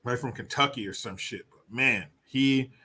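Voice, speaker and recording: A man's voice: mid-range voice, normal speed, pushed and bright, breathy edge. Profane ranting male commentary host. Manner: reads viewer comments aloud. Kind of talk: live political commentary rant.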